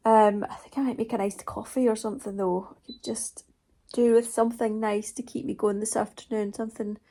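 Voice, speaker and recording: A woman vlogging casually to camera about her day, chatty with frequent pauses and ums. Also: on the high side, little pitch movement, warm tone. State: tired, yawning.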